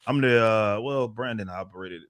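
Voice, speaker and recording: A man on a podcast speaking in a hesitant, halting way with many restarts. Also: fairly low pitch, fairly bright tone, no room sound. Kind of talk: casual chat.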